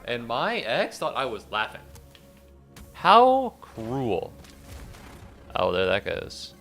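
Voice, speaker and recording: A man giving rambling, jokey commentary while streaming a game, breaking into squeaky outbursts. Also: very animated, normal speed, gravelly, pushed and bright, soft background music. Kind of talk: casual gaming commentary.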